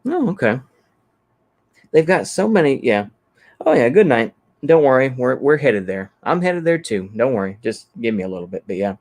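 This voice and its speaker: A channel host from Texas chats casually on his livestream in a mid-range, slightly mellow voice, very animated and at normal speed. He rambles easily, thinking aloud with lots of fillers as he reacts to comments.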